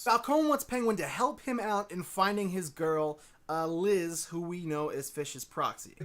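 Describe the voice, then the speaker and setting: A man reviewing a TV episode in a casual, animated and sarcastic way. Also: sits high. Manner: animated, sarcastic, jumps between excitement and annoyance. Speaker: TV show reviewer.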